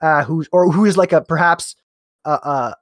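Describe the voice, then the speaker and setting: Man, casual chat, game master, higher-pitched, dry close sound. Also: moderate pace, no echo. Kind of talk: casual conversation.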